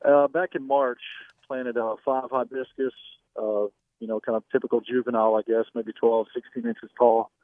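A man's voice: mid-range voice, level tone, normal speed, no room sound. Casting note: man phoning in to a radio show, polite and hesitant, tinny phone-line sound. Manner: hesitant, polite, with many fillers. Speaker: caller.

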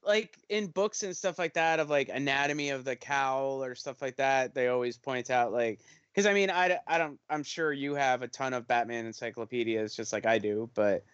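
A man co-hosting a casual podcast chat, arguing his point in an excitable back-and-forth. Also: mid-range voice, moderate pace, few pauses, clean tone, dry recording, muffled recording. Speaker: podcast co-host.

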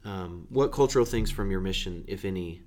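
A man hosting a casual interview, relaxed and thoughtful, often pausing to search for words. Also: deep voice, slight background noise. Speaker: host.

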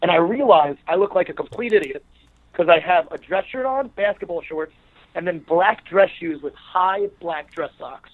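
A man's voice: high-pitched, lively intonation, moderate pace. A man, a podcast guest, telling a long story in a rambling casual way with many fillers and restarts. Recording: narrow phone-like line.

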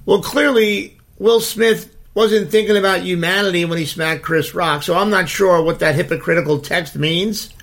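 A man in his fifties rants through a story in a fairly high, gravelly voice. He talks bluntly, swears freely and sounds indignant. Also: fairly bright tone. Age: 50s. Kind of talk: casual storytelling rant.

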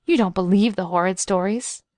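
A woman's voice: mid-range voice, normal speed, darkish tone, no room sound, clean studio sound, close to an everyday voice. A woman voicing an eager, adoring young girl who talks in an emphatic, breathless way, in a storybook reading. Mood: eager girlish.

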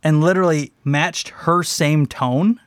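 A man in casual podcast chat who laughs often and bursts into loud shouted curses. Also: on the high side, measured pace, no echo, studio quality. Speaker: podcast co-host.

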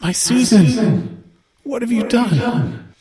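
A man voicing a grieving older mother whose shrill, sobbing voice is heard inside someone's head. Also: animated, slow, crowd noise. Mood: anguished. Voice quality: high shrill wail. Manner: sobbing, accusing. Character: grieving mother, older woman, wailing in the mind.

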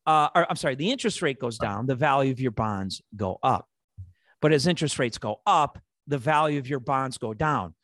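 A man with a Chicago accent hosting a finance podcast, making his points in an animated, rhetorical way. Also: a little high, dry recording, clean studio sound. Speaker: podcast host. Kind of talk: opinionated finance podcast talk.

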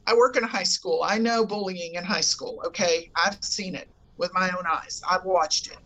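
A woman's voice: mid-range voice, fairly bright tone, slight background noise, rough recording. A woman, chatting on a podcast as a guest, emphatic and repeating her points in a folksy way. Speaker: guest, fan group admin. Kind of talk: casual podcast chat.

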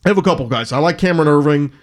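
A man's voice: a little high, racing. A man co-hosting a sports talk show, reading a report and talking through player options. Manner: conversational, reads reports then lists players. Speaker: sports talk radio co-host.

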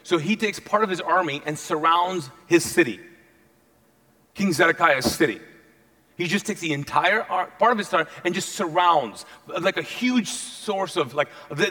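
Male preacher, high voice, animated and playful storyteller. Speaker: pastor. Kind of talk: sermon.

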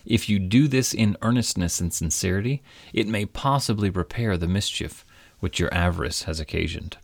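A man voicing a calm, wise magical stranger who asks measured, probing questions in a storybook reading. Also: low voice, creaky, no echo.

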